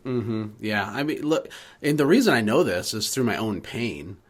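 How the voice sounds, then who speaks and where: A man's voice: fairly low pitch, lively intonation, moderate pace. Confident man explaining as a coach. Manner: confident, teacherly. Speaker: podcast host and business coach. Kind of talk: coaching talk in a podcast conversation.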